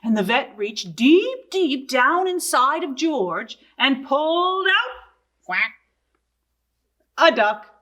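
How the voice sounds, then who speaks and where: A woman librarian reading a picture book aloud to young children, expressive and asking them questions. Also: high voice. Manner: slow, sing-song and expressive, asking young listeners questions.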